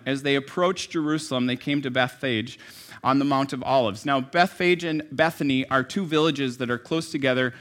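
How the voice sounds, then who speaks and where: A man preaching a sermon in a conversational, storytelling way, dropping to soft asides and rising to emphatic lines. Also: medium pitch. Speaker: pastor.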